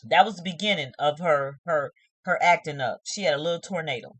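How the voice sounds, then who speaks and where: A woman's voice: sits low, fairly quick, no room sound. A woman hosting a casual reality-TV review vlog, opinionated and talking straight to her viewers. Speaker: host of a TV review channel.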